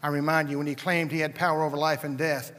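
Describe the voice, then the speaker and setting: High, bright preacher man in a reverberant hall. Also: little pitch movement, quick pace. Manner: dramatic, swings from hushed to shouting, acts out quoted voices. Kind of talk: sermon.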